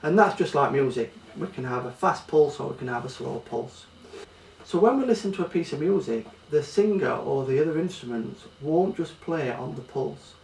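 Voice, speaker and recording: A man with a Yorkshire accent teaches a children's ukulele lesson, patiently talking through rhythms one step at a time. His voice sits a little high for a man. He is recorded from a distance in an echoey room with a faint hum of ambience behind him. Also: animated, normal speed, vocal fry, darkish tone. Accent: Yorkshire English. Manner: patient, explaining step by step, clapping out rhythms in sung syllables. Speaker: music teacher.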